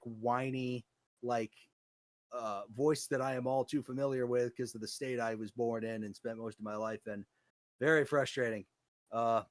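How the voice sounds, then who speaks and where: A man's voice: medium pitch, no echo. A man from the United States in casual chat, ranting and swearing as he tells stories. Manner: profane, ranting storyteller.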